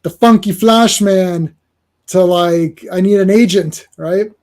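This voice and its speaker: A man's voice: sits high, slow, a little mellow. A man hosting a casual comics podcast, talking in a rambling way. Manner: rambling, acts out lines in comic voices. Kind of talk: casual chat.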